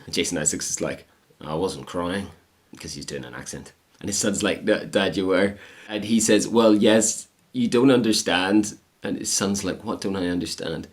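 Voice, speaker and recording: A man with a low, deep voice runs through a film in a comedic review monologue. He sounds sardonic and sweary and drops deadpan asides between plot points.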